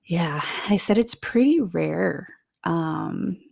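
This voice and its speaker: A woman's voice: on the low side, animated, slow pace, vocal fry, a little mellow, husky. A woman co-hosting a podcast, laid-back in casual chat and laughing often. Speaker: podcast co-host.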